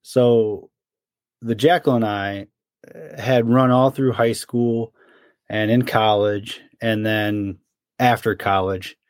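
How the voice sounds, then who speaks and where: A man's voice: fairly low pitch, slow, no echo. A storytelling man on a dry mic. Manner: animated storyteller, mimics his friend's complaints. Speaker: podcast co-host. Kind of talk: casual storytelling chat.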